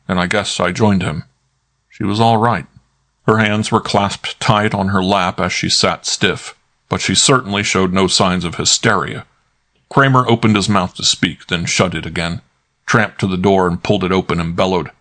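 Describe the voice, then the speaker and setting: A man's voice: sits low, fairly even intonation, normal speed, a bit bright. A man narrating a classic detective novel in first person, dry and wry. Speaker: audiobook narrator.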